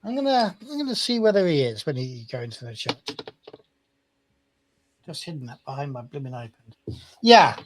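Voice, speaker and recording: A man running a tabletop role-playing game as game master, relaxed and rambling with many fillers. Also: a little high, moderate pace, pauses often.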